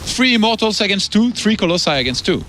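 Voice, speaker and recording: A man commenting on a live esports match, analytical and steady as he breaks down each player's position. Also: high voice, fast, noisy background. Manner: analytical, breaks down the game state.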